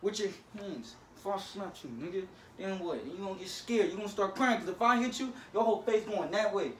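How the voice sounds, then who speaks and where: A man's voice: sits high, fast talker, recorded from a distance, slight background noise. Young man lecturing from off-mic. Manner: lecturing, swinging from stern to joking. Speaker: older brother scolding younger brother. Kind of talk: casual prank video talk. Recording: roomy, from off-mic.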